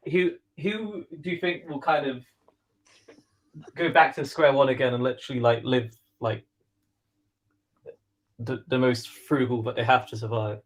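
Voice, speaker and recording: Halting man in a casual chat. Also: a little high. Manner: halting, many restarts.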